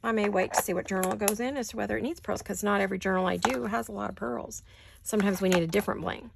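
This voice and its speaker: Gravelly-voiced woman chatting through a craft project. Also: medium pitch, fast, background noise. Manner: thinks aloud while working, drifts into soft muttered asides. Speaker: crafting channel host. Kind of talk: casual craft-along chat. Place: home craft desk.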